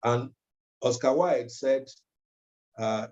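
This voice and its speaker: A man delivers a training lecture at an unhurried, deliberate pace and fills his pauses with ums. His voice is dark and mellow. The recording sounds dull and lo-fi. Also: mid-range voice. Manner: measured, with frequent ums and uhs. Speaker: legal trainer.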